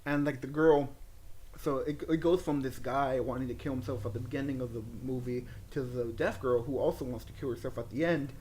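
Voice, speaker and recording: A young man in casual podcast talk, excitedly and profanely retelling movie scenes and acting out the characters' lines. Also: medium pitch, a little fast, slight background noise. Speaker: podcast co-host. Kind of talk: casual movie review chat.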